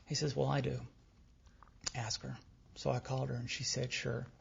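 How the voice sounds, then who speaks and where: A man's voice: mid-range voice, level tone, normal speed, vocal fry, slightly rough. A middle-aged man from Texas, telling his recovery story to a meeting, acting out dialogue with wry humor. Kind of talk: personal recovery talk to an audience. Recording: dull lo-fi tape recording.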